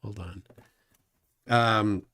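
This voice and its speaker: A man's voice: on the low side, fairly even intonation, bright, forceful tone. A man hosting a livestream, talking casually and hesitantly with many fillers while reading viewer comments. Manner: unhurried, halting with many fillers. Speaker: livestream host. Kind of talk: casual live-stream commentary.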